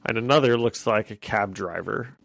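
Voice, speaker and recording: A man co-hosting a podcast in casual chat, excitable and quick to laugh. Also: on the low side, gravelly, dry recording. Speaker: podcast co-host.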